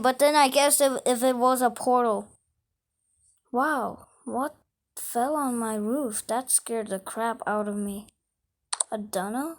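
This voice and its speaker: A woman giving casual gameplay commentary, excitable and quick to shrug things off. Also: a little high. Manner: excitable, jumping between squeals and flat shrugs.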